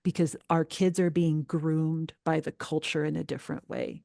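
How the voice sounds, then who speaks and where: Emphatic middle-aged woman, low dry voice. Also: moderate pace, gravelly, dry recording. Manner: earnest, emphatic, animated when upset. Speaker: guest expert on parenting. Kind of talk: podcast interview.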